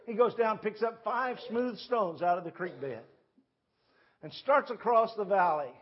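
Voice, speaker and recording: A man's voice: high voice, animated, unhurried, highs cut off, a little hiss or hum. A man preaching a sermon in a church, telling a Bible story in a folksy way. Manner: storytelling, folksy, with quoted voices. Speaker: pastor. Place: church sanctuary.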